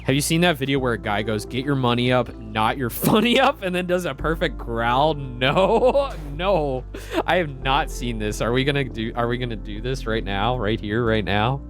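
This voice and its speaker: A man's voice: medium pitch, animated, normal speed, soft background music. A man chatting casually on a game stream, playful and laughing often.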